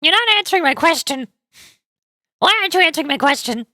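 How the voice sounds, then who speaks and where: A woman's voice: high voice, expressive, fast, sharp tone, no echo, studio quality, pitched above the performer's own voice. A woman voicing a blunt, pushy schoolgirl who talks insistently. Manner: insistent, impatient.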